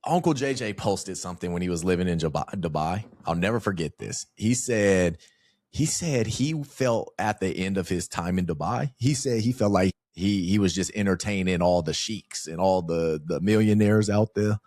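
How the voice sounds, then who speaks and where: A man's voice: low-pitched, normal speed, no echo, clean studio sound. A man hosting a podcast, casually chatting and often interjecting with agreement. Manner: lively, affirming, interjects often. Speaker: podcast host. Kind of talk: casual conversation.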